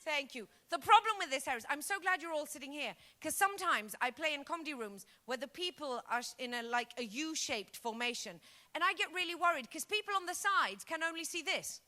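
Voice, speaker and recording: A Greek woman in her thirties doing a stand-up comedy set on stage, lively and punchy, acting out her bits. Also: high voice, a little fast. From Greece. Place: comedy stage before a live audience.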